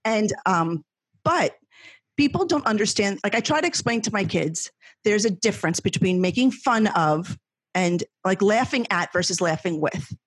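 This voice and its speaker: A middle-aged woman with a husky, breathy voice tells animated, rambling stories as a guest in a casual conversation. She laughs often as she talks. The recording is close and dry. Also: mid-range voice, moderate pace, dry recording. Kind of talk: casual chat.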